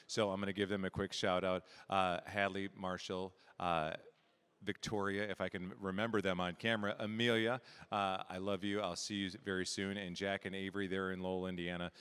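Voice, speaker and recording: An older grandfather, a returning auctioneer, answering an interview in a heartfelt, halting way. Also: low-pitched, flat delivery, a bit bright, clear, resonant tone. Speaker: auctioneer contestant.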